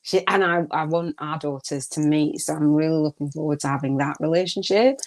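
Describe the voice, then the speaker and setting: A woman's voice: deep voice, brisk, darkish tone. A middle-aged woman hosting a live gratitude talk, chatty, with many fillers and laughs. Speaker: podcast host.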